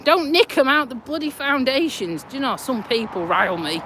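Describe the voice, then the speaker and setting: Lively high-voiced Yorkshire-accented woman. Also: moderate pace, few pauses, slight background noise. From Lincolnshire, England. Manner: blunt, chatty, mild swearing. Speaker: vlogger. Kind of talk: casual walking vlog. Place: outdoors walking a dog by a road.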